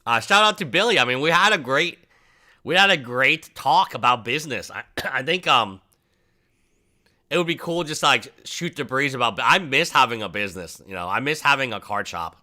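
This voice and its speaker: A man hosting a livestream, chatting casually and rambling, often mimicking people in a high mocking voice. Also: lively intonation, normal speed, pushed and bright. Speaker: livestream host.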